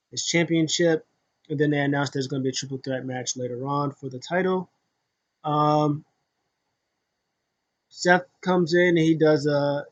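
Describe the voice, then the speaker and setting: A man's voice: medium pitch, lo-fi sound. A man casually recapping a wrestling show, rambling with many fillers and restarts and acting out what people said.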